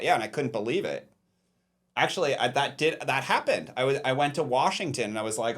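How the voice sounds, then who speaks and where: A man's voice: medium pitch, expressive, quick pace. A man hosting a podcast, chatting casually and telling jokey stories in which he acts out little scenes.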